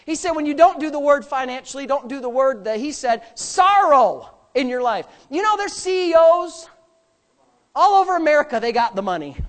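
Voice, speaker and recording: A male preacher gives a sermon in a church, his intonation lively and his speed normal. He's emphatic, shifting from loud bursts to soft asides that often carry a joke.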